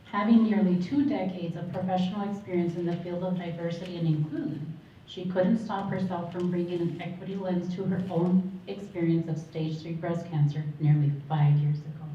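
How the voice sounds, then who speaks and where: A woman moderator reading a speaker introduction, polite and measured. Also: fairly low pitch, steady tone, slight background noise. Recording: muffled, echoey hall, from a distance.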